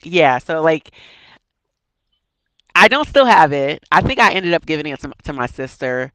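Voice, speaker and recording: A woman from Washington, D.C., a bag designer talking casually as an interview guest, relaxed with many ums. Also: sits low, moderate pace, no room sound, poor audio.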